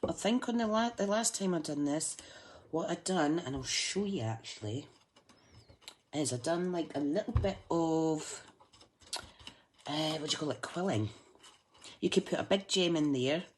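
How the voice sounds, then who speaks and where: A woman's voice: low-pitched, animated, a little slow, long pauses. A Scottish woman chatting casually to live viewers as she demonstrates a craft project, joking at her own expense as she works. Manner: chatty, self-mocking, talks to viewers while working.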